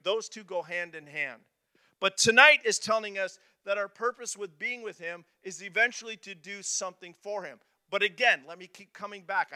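A man preaching a sermon in a church, emphatic and repetitive, swinging between loud declarations and soft, low asides. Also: smooth. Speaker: pastor.

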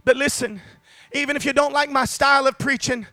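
A man preaching a sermon to a congregation, fervent and building to shouted climaxes, calling out to the listeners. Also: very high voice, steady tone, brisk, no room sound. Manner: calls out to the congregation.

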